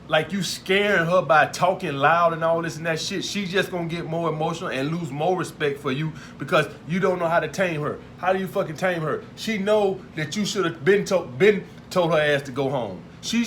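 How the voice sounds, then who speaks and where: A man's voice: fairly high pitch, fairly bright tone, slight background noise. A man, giving blunt dating advice in a profane monologue and repeating his points emphatically. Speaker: dating advice video host.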